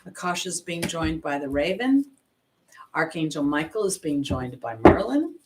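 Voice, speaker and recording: An intuitive astrologer with a low voice and wide pitch swings talks at a normal speed over heavy background noise. She gives a casual oracle card reading, chatting expressively right to her viewers.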